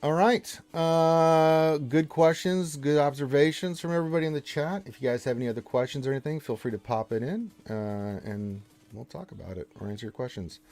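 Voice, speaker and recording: A man's voice: fairly high pitch, a little fast, darkish tone. A man hosting a casual live game stream, reading the chat aloud and teasing viewers with mock-stern playfulness.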